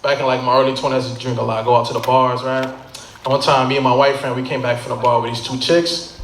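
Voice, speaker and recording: A man doing a stand-up comedy set at a brewery bar, telling stories with animated delivery and quick punchlines on a handheld mic. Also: mid-range voice. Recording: echoey noisy bar room.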